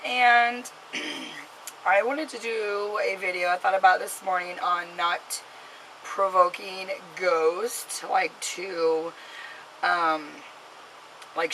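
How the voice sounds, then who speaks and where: A woman's voice: lowish voice, steady tone, takes it slowly, sharp tone, a little hiss or hum, poor audio. A mother vlogging to camera, telling a story in a rambling way with many fillers and restarts and giving an earnest, scolding warning.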